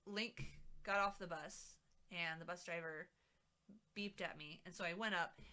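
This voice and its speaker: A woman live streamer chats casually from her home setup while crafting, rambling along with plenty of fillers. Her voice is lowish, steady, a bit slow and sharp in tone, and her mic sits a little back from her mouth.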